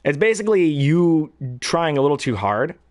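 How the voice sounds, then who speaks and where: A baritone man talks casually about his hobby of voicing characters and rambles from point to point. His pitch moves in a lively way, and the recording sounds dry and close. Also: normal speed, dry recording. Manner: rambling, frequent throat clearing. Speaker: hobby voice actor. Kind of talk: casual talk to camera.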